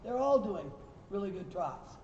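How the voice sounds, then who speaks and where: A man's voice: high voice, very animated, normal speed, noisy background. A man coaching riders through a lesson, calling out praise to the horses and corrections to the riders. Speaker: riding instructor. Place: riding arena. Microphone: recorder far from the speaker. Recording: distant, echoey, dull recording.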